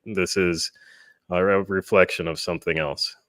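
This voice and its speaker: A man on a paranormal panel show, talking casually and hesitantly with many pauses and fillers. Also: low-pitched, steady tone, fairly bright tone, no room sound, studio quality.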